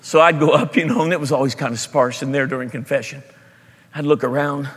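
A pastor preaching a sermon with storytelling, animated, jumping between loud emphasis and quiet asides. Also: male voice, mid-range voice, fairly quick, slightly rough, big-room sound.

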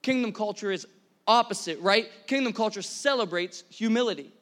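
A pastor in his thirties preaching a sermon to a congregation, energetic and conversational, asking the room questions. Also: sits high, moderate pace. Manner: energetic, conversational, many restarts and audience questions. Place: church hall before a congregation.

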